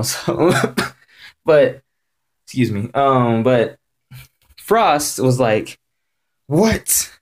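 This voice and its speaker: Excitable rambling man ranting. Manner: excitable and rambling, repeats himself often; jumps high in pitch when excited. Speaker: anime reviewer. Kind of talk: casual rant video review.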